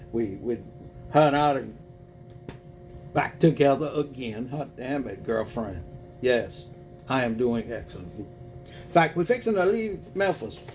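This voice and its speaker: A spiritual reading host with a Cajun accent runs a casual livestream from home while packing to move, folksy and chatty, reading viewer messages aloud and calling people boo. His voice is mid-range and a little mellow, with a little hiss or hum.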